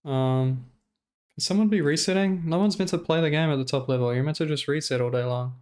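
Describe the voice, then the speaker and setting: Smooth-voiced man ranting on stream. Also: fairly high pitch, fairly quick. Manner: animated, profane, exasperated ranting. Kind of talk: casual stream commentary.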